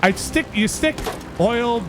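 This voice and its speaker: A man's voice: very high voice, animated, slow, background noise. Chatty man narrating his gameplay. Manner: rambling, explains as he plays, laughs often. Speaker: host playing the game. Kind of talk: casual gameplay commentary.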